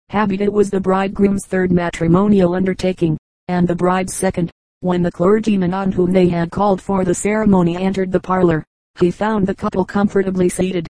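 Woman reading funny little stories for an audiobook, flat steady delivery, mellow tone, dry close sound. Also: on the low side, normal speed, no echo, rough recording. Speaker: audiobook reader. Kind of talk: scripted narration of humorous anecdotes.

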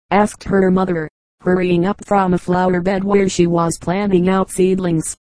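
A woman narrating an audiobook of children's stories in a measured, even reading. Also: on the low side, no echo, rough recording. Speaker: audiobook reader. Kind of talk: storybook narration.

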